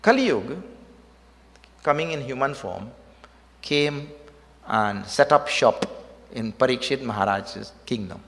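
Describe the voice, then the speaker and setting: This man's devotional sermon echoes with long hall reverb in a temple hall. His gravelly, fairly bright medium-pitched voice is unhurried and lively in intonation, with long pauses, as he tells a story through rhetorical questions and emphatic repeated words.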